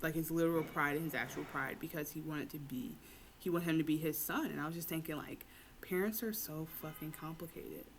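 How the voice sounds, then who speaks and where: A woman's voice: sits low, a little fast. A woman co-hosting a podcast, recapping a TV episode in casual, slangy chat and acting out the characters' lines as she goes. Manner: animated, slangy retelling with acted-out quotes. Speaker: podcast co-host.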